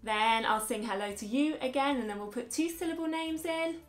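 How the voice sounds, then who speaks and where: High-voiced upbeat woman teacher. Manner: upbeat, encouraging, speaks slowly and clearly to young children. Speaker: music teacher. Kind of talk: children's music lesson.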